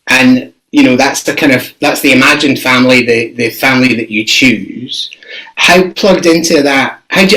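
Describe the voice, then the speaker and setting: Interviewer, mid pitch, halting and filler-heavy. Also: fairly bright tone, poor audio. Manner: hesitant, many fillers. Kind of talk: casual interview.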